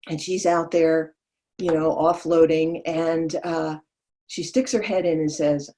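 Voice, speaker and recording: A woman's voice: low voice, fairly even intonation, takes it slowly, warm tone. A woman from Vermont telling a personal story in an easygoing, conversational way.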